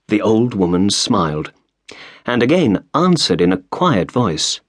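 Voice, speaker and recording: A man narrating a storybook in a measured, expressive way, close to a studio mic. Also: lowish voice, dry recording. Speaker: audiobook narrator.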